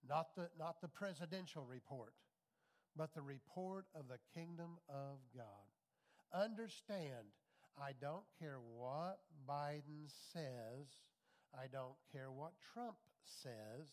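Emphatic preaching man, slightly high voice. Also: slow. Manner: emphatic call-and-response preaching, repeating phrases. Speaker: pastor. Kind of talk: sermon.

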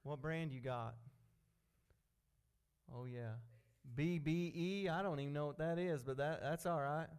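Folksy preacher, high clear voice. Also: male voice, measured pace, pauses often, a little mellow. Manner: folksy, conversational, repeats himself. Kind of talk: informal sermon.

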